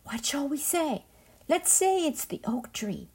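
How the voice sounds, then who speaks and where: A woman voicing two proud, haughty young sisters in a spoken folktale, with a higher, bratty, insistent tone. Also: big pitch swings, unhurried, darkish tone, exaggerated voice. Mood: flustered.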